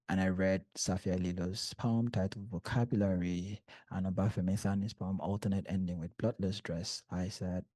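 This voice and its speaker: A man, a poet giving a bookstore reading and reciting in measured, deliberate short phrases. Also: low voice, mellow, no echo. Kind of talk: poetry reading with spoken asides.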